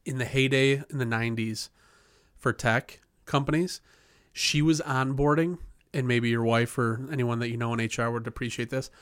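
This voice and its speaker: A man in his thirties, a podcast co-host, telling stories in casual chat, animated, laughing and swearing often. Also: mid-range voice, moderate pace, smooth, dry recording, clean studio sound. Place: podcast studio.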